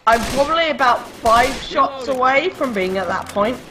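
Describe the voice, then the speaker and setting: A speaker chatting slowly while playing a shooter and drinking, tipsy and giggly. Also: high-pitched, animated. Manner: slow, slightly slurred, tipsy and giggly. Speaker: gamer. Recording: game gunfire noise behind.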